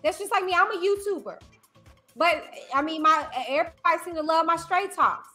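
A woman with a high, bright voice talks straight to her livestream viewers. She is emphatic and animated and keeps circling back to her phrases. Faint music plays behind her. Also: brisk. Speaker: YouTuber host. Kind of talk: livestream commentary.

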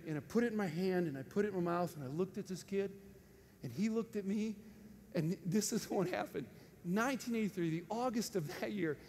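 A man preaching with an animated storytelling manner, laughing often and breaking into sudden loud outbursts. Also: high voice. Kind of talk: storytelling sermon. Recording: faint noise and long hall reverb.

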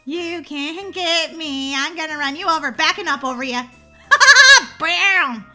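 A woman hosting a gaming channel, giving excitable let's-play commentary, giggling and shrieking when chased. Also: high voice, normal speed, faint music behind.

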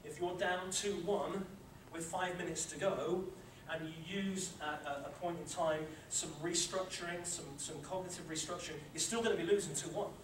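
In a lecture room before a live audience, a sports psychology presenter coaches people through tensing and relaxing, repeating each instruction. His slightly higher voice has fairly even intonation, a moderate pace, and few pauses, sounding roomy and echoey from a distant mic over loud noise.

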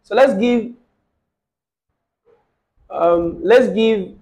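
A man teaching an Arabic grammar lesson online, quizzing his student and repeating phrases slowly. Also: high voice, a little mellow, poor audio.

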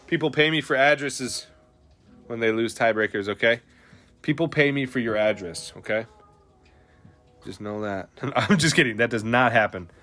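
A young man hosting a card pack opening, talking in an animated, slangy way with lots of "dude" and "bro". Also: mid-range voice, normal speed, pauses often. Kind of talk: excited live commentary on pack openings. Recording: faint music behind.

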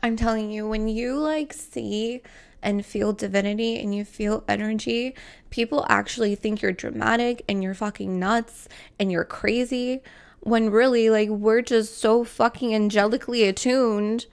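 A woman with a gravelly, creaky voice gives a heartfelt tarot reading straight to her viewers. She is emotional and close to tears, repeats herself for emphasis, and swears casually along the way. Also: on the high side, steady tone, unhurried. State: tearful, emotional. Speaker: tarot reader. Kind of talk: spiritual tarot reading to camera.

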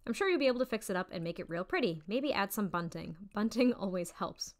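A woman's voice: mid-range voice, animated, quick pace, close to an everyday voice. A woman reading aloud the lines of a cheerful small-town game mayor in a chirpy voice.

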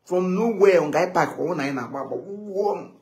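Animated man. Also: high voice, fast. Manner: animated, switching between English and Igbo, quoting others. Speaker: guest in a live chat. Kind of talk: casual storytelling chat.

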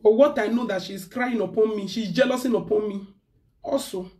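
A woman's voice: mid-range voice, normal speed, darkish tone, far from the mic. A woman with a Nigerian accent ranting in casual chat as a live-stream host, slipping pidgin into her English.

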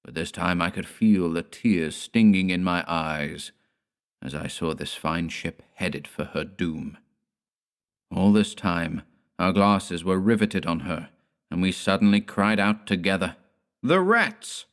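A man reading a horror story aloud in measured, dramatic storytelling. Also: sits low, clean tone. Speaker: narrator. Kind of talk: scripted horror audiobook narration.

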